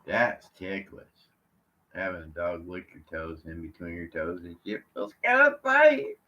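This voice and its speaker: A man from California on a live vlog, chatting from his chair at home in a slow, rambling way, full of fillers and restarts. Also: low voice, very animated, slight background noise. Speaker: vlogger. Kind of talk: rambling live-stream chat. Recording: slightly muffled lo-fi audio.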